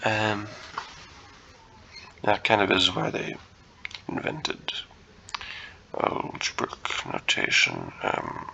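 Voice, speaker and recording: A man's voice: low voice, huge pitch swings, extremely slow, creaky, long pauses, pushed and bright, lo-fi sound, slight background noise. A man giving casual think-aloud commentary while solving puzzles, muttering to himself, hesitant and self-correcting. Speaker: chess content creator.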